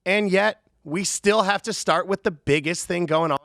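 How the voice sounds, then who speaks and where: A man hosting a studio talk show, brisk and wry as he steers the conversation. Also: sits high, vocal fry, a bit bright, dry recording. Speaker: host. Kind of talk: casual studio chat. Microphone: studio microphone.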